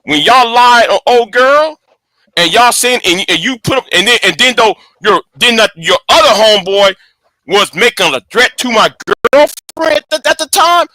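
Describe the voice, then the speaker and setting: A man's voice: sits high, lively intonation, moderate pace, pushed and bright, no room sound. A man hosting his channel in a casual, profane, angry rant, stumbling and repeating words. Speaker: channel host.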